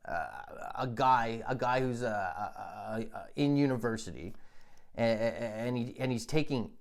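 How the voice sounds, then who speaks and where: A man hosting a comedy podcast, telling a rambling deadpan monologue in a halting, stammering way, full of restarts and "you know.". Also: medium pitch. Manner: deadpan absurd storytelling.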